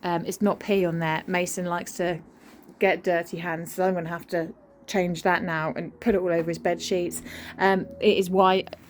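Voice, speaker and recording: A woman's voice: lowish voice, flat delivery, normal speed, poor audio. Mum talking into her phone at home, frank and worn out, bit of room hum behind. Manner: frank, weary, chatty with sudden sing-song baby talk to her children and dog. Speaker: parent vlogger. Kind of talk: casual vlog chat. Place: family home, indoors. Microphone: phone camera.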